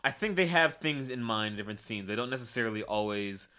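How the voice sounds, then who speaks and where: A man's voice: medium pitch, lively intonation, fast talker, pushed and bright, clean tone. A tipsy man co-hosting a casual review chat, sardonic and swearing freely. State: tipsy from drinking. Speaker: podcast co-host.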